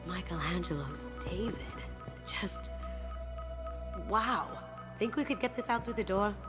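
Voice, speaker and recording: A woman's voice: mid-range voice, animated, unhurried, over music, close to an everyday voice. An actress playing a dry, wisecracking female thief who admires the art she finds. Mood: wry. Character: sly female thief, art-loving and wry. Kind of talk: video game voice acting.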